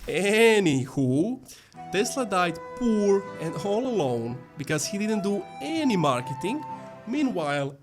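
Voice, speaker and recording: A man hosting a comedic marketing video, joking and acting out game-show bits. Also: sits high. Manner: playful, jokey, acts out game-show bits. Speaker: host.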